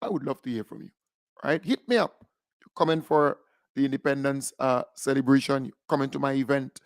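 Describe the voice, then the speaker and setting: A middle-aged Grenadian man hosting call-in radio, animated and repetitive, laughing often and swinging between loud and quiet. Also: medium pitch, a little fast, no echo, studio quality. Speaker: radio host.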